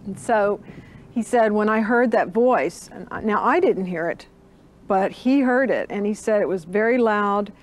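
A woman's voice: mid-range voice, unhurried, slight background noise. An older woman, an interview guest, earnestly recounting a personal story and acting out the dialogue she remembers.

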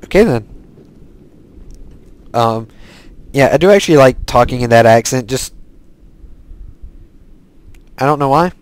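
A man's voice: medium pitch, lively intonation, unhurried, long pauses, smooth, dry recording, poor audio. A man giving casual, rambling let's-play commentary while he plays, often restarting his sentences. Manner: rambling, self-correcting, chatty. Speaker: gaming video host.

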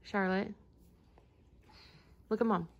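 A young woman talking as a mother in a casual home video, softly coaxing and gently repeating her questions. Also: medium pitch, fairly even intonation, slow pace, muffled recording.

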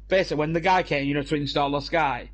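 Profane young British man, slightly high voice. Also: fairly even intonation, quick pace. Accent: British English. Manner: rambling, profane storytelling with frequent laughs. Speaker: gamer streaming with friends. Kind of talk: casual banter while gaming.

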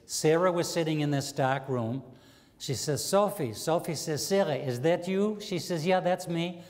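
A stand-up comedian tells his jokes as little stories. He slips into quoted voices and rambles through chatty asides. His voice sits a bit high, with a long reverb trailing off behind him. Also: darkish tone. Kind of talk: stand-up joke telling. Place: community access TV stage, live audience.

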